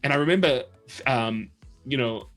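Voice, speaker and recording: A man's voice: medium pitch, moderate pace, fairly bright tone, faint music behind. Man telling rambling stories. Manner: rambling storyteller who acts out quoted people. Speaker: show host. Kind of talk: casual chat on a livestream.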